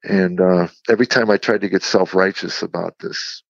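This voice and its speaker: A man, a comedian guest on an interview show, telling a candid personal story in a halting, reflective way with frequent restarts. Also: deep voice, fairly even intonation, vocal fry, dry recording. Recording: dull lo-fi sound.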